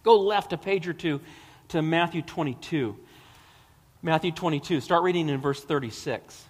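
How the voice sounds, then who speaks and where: A man's voice: on the high side, normal speed, breathy edge. A man preaching a sermon, reading scripture dramatically and explaining it with emphatic, rising delivery. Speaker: pastor. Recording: long hall reverb.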